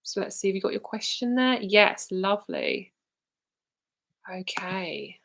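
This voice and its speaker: A young woman gives card readings on a live stream. She talks in a loose, rambling way, fills her sentences with "like" and swears now and then. Her voice sits at a middling pitch. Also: animated, a little slow, creaky. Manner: chatty, rambling, full of "like", casual swearing. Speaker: tarot and psychic reader.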